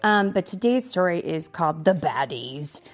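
A woman reading a picture book aloud to her child, animated and stopping to ask questions. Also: on the low side, normal speed, faint music behind.

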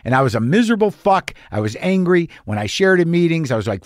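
A man's voice: on the high side, big pitch swings, fast, hardly any pauses, dry recording, clean studio sound. A middle-aged male comedian telling a confessional story in a blunt, profane, self-mocking manner.

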